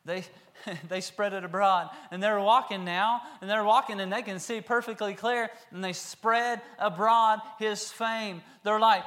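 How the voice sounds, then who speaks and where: A man preaching a sermon, reading scripture aloud and then acting out the characters in lively voices. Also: sits high, measured pace.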